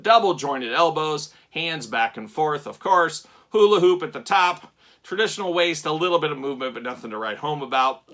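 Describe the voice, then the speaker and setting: A man reviewing action figures in a loose, chatty unboxing, tossing in jokes and rambling asides. His voice is bright and a bit higher than most men's. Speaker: toy reviewer.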